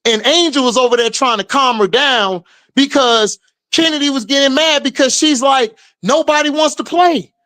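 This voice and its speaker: A man's voice: extremely high pitch, moderate pace, bright, forceful tone. A man hosting a livestream, casually commenting and reacting to chat, drawling and laughing often in slangy talk. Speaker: livestream host.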